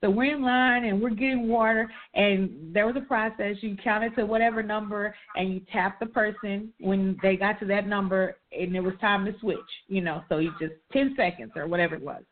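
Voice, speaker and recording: A woman's voice: medium pitch, moderate pace, hardly any pauses. A woman co-hosting a casual talk show, animatedly telling a childhood story. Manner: animated, reminiscing, emphatic. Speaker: co-host. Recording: tinny phone-like line.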